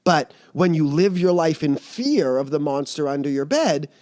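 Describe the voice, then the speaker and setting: A fairly high-pitched man talks through his ideas on emotions in an earnest, explanatory way, leaning on vivid metaphors and pressing his points with emphasis. The recording is dry and close, with no room sound. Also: lively intonation, moderate pace, a little mellow, no echo. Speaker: emotional mastery mentor. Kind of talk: podcast interview.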